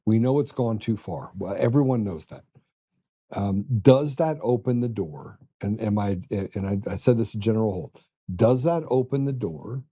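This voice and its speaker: A man's voice: on the low side, warm tone, breathy edge. A man hosting a political talk podcast, telling stories in an earnest conversational way. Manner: earnest, storytelling. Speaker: podcast host.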